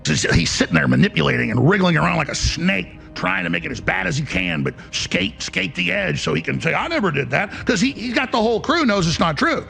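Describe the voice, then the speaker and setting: A middle-aged man with a gravelly, raspy voice dramatically retells a dispute, mimicking the other person. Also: high-pitched, big pitch swings, a little fast, hardly any pauses, sharp tone, faint music behind. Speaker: show host recounting a dispute. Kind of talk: heated monologue clip.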